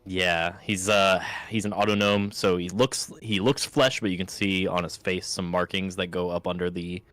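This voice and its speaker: Brief: lowish bright male player, dry close mic, jokey tabletop chat. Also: little pitch movement, normal speed. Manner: laughing, playful, voices his character in first person. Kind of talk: tabletop role-play chat.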